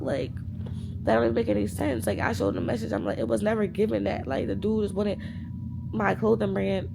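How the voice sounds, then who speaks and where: A woman in her twenties vlogging, animated and profane as she retells an argument and acts out the quoted dialogue in a casual storytime chat. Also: mid-range voice, a little fast, gravelly, music in the background. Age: 20s.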